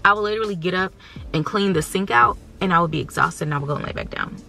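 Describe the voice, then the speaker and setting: A woman's voice: fairly low pitch, quick pace, gravelly, sharp tone. A woman in her thirties from the United States, talking candidly and emotionally to her viewers in a casual vlog. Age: 30s. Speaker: vlogger.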